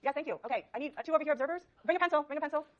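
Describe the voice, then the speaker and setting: A fast-talking woman lecturer with a fairly high voice runs a university psychology class. She coaxes and prods with quick okays. The recording is dull and lo-fi. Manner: brisk, coaxing, many okays. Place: large lecture hall.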